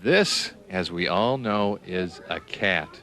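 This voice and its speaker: A man doing scripted narration for young children, speaking in a slow, sing-song, encouraging way and spelling words out letter by letter. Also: sits low, lively intonation, sharp tone.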